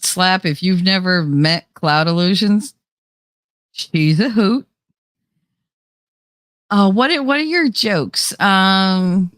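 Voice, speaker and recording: A woman's voice: medium pitch, slow, long pauses, a bit bright, no room sound, studio quality. A middle-aged woman hosting a casual livestream, chatting with her viewers and reading their comments, laughing often and swearing freely. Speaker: livestream host.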